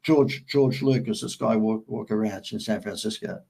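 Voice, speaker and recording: A middle-aged man with an Australian accent spins anecdotes as an interview guest, acting out each exchange. His voice sits fairly low and has a husky, slightly breathy grain. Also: moderate pace, poor audio. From Sydney, Australia. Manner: animated storyteller who acts out quoted dialogue and laughs at his own anecdotes. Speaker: guest, marketing agency founder. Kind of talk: storytelling in an interview.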